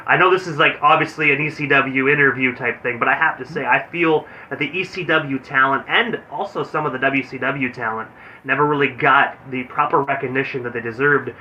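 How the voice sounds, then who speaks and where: A man's voice: mid-range voice, fairly quick, pushed and bright, highs cut off, a little hiss or hum. A man hosting a radio talk show, chatting enthusiastically like a fan with his guest. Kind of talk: casual interview chat.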